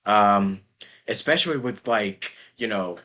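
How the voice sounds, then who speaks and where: A man hosting an interview, a voice actor himself, relaxed and agreeable, his sentences trailing off softly. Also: fairly low pitch, slow pace. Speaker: podcast host, voice actor. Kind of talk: casual interview chat.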